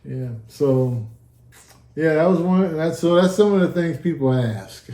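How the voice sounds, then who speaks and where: A man's slightly high, dark voice is animated yet measured in pace as he earnestly relates his near-death story as a guest in a casual sit-down chat. He acts out the quoted lines, and the room echoes.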